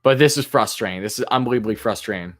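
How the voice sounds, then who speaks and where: A man hosting a live fan stream, calling pitches play-by-play and griping and swearing about the umpires in an exasperated voice that jumps high on big moments. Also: quick pace. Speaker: fan commentator and stream host.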